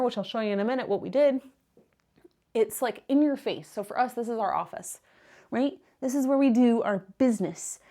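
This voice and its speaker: A woman's voice: a little high, darkish tone. A young woman talking casually to camera from her home office, a bit out of breath, acting out her own inner voice. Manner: chatty, acts out her own inner voice with upswings. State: a little out of breath. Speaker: reselling business vlogger. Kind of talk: casual vlog to camera with a whiteboard. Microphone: clip-on wireless mic.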